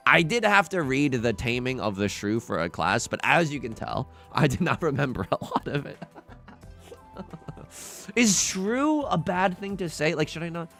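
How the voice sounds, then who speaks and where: A young man giving live game commentary to his chat, jokey and animated, often stumbling and repeating words. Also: on the high side, creaky. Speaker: streamer.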